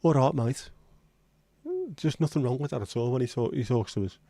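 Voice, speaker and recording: A man's voice: medium pitch, fast, warm tone, dry recording. A man hosting a casual livestream chat, rambling and reading out viewer comments. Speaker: livestream host.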